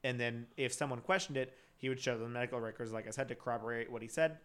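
A man's voice: mid-range voice, steady tone, quick pace, clean tone. A man co-hosting a casual podcast, retelling a crime case from his notes with plenty of fillers and restarts. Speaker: podcast co-host.

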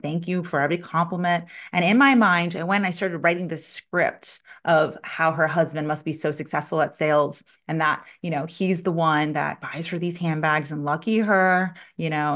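A middle-aged woman hosting a podcast, telling a personal story and talking about spiritual growth in an animated way, acting out what people said and laughing often. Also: fairly low pitch. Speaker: podcast host.

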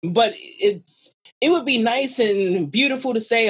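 Woman, interview guest; animated, quotes people with voices, salty language. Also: fairly high pitch, a little slow, slightly rough. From New York. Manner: animated, acts out quoted voices, swears freely. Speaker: guest, runner and writer. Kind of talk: casual storytelling interview.

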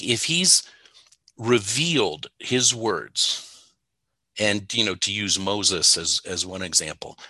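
A man's voice: low-pitched, bright, forceful tone, dry recording. A man co-hosting a casual theology talk, telling stories with emphasis and frequent laughs. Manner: storytelling, emphatic, laughs often. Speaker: Bible teacher, co-host.

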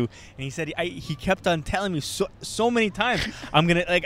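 A man's voice: sits high, lively intonation, brisk, hardly any pauses, fairly bright tone. A man co-hosting a comedy podcast, chatting casually and telling stories with lots of laughter, recorded outdoors. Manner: laughing, rambling storyteller. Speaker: podcast co-host and stand-up comedian. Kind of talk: casual banter. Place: outdoors in a park.

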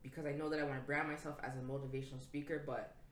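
A woman with a low voice hosts a podcast and talks in a heartfelt, casual way. The room adds a noticeable echo, and faint noise sits underneath. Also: level tone, racing. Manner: affirming, frequent "correct". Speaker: podcast host.

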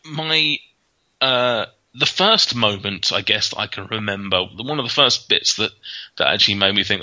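A man's voice: fairly low pitch, normal speed, pushed and bright. A man telling casual, rambling anecdotes in a chat, full of fillers and restarts. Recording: dull lo-fi sound.

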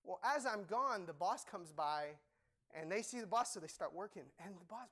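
Animated young male preacher, high voice. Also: normal speed. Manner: animated, joking, emphatic. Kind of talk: sermon.

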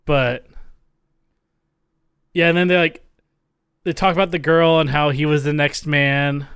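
A man's voice: a little high, level tone, unhurried, fairly bright tone, clean tone, dry recording, studio quality. A man co-hosting a podcast, casually chatting about a film and acting out bits of its dialogue. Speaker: podcast co-host. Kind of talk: casual movie-discussion chat.

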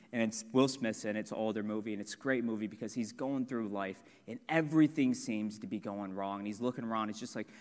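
A young man preaching a sermon with earnest personal testimony, building to emphatic points. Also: mid-range voice. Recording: long hall reverb.

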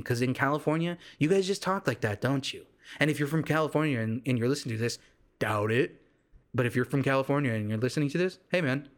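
Rambling, fast-talking podcast host man. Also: mid-range voice. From Kansas. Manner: rambling and fast, with many restarts and self-deprecating jokes. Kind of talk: casual solo podcast rant.

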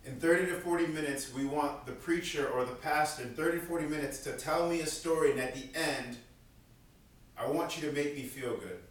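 A man with a notably high voice preaches a sermon, earnest and conversational, often repeating a key line to drive it home. The sound is very echoey, as if recorded from a distance in a large church room. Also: a little fast. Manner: repeats key lines for emphasis. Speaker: pastor.

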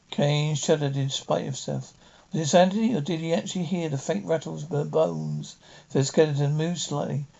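A man reading a short story aloud with dramatic pauses. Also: on the high side, steady tone, creaky, mellow, lo-fi sound. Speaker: audiobook reader. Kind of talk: storybook narration.

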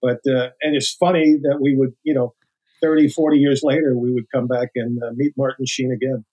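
An older American man, a former FBI agent, is a guest in a storytelling interview, his mid-range voice husky and fairly quick on a rough recording. He tells animated anecdotes, acts out quoted voices, and restarts often.

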